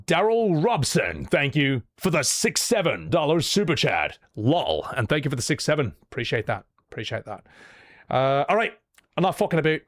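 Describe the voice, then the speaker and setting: A man's voice: fairly high pitch, no room sound, clean studio sound. A man doing live-stream reaction commentary, opinionated and rambling, with stammered restarts.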